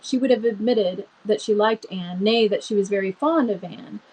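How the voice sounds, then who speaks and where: A woman's voice: mid-range voice, normal speed, a little mellow, breathy edge, poor audio. A woman reading a novel aloud expressively, with chatty asides and small stumbles. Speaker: book reader.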